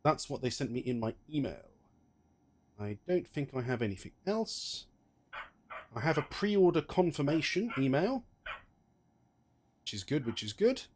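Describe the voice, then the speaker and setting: A man's voice: a little high, big pitch swings, measured pace, long pauses, a little mellow. A man streaming a game, chatting casually and reading in-game text aloud, joking at his own expense. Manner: chatty, self-mocking, tries silly pirate accents.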